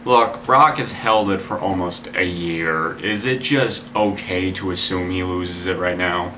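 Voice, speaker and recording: A man's voice: low voice, unhurried, noisy background. A man giving casual spoken predictions as a video blogger, rambling and opinionated, full of "like" fillers and the odd curse. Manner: opinionated, swears in frustration.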